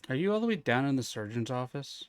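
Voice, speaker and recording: A man's voice: medium pitch, very animated, fast, no room sound. A man streaming a ghost-hunting game live, thinking aloud and chatting in a friendly way with his viewers.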